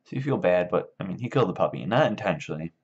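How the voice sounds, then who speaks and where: A man's voice: deep voice, lively intonation, racing, darkish tone. A man casually retelling a book for laughs, in a loose, rambling way full of fillers. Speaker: video maker. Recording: dull lo-fi sound.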